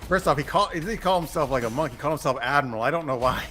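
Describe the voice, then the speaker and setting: A man with a bright, slightly high voice, playing his character in a tabletop game. He rambles through animated stories with many restarts, while faint music plays underneath. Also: fast talker. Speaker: player. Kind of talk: in-character tabletop role-play.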